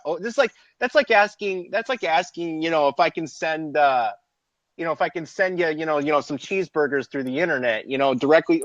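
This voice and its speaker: A man with a fairly high voice, telling a story in casual chat, profane and animated, with laughter breaking through. The sound is dry, close and dull, like a lo-fi recording. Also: fairly quick, dry recording. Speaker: podcast co-host.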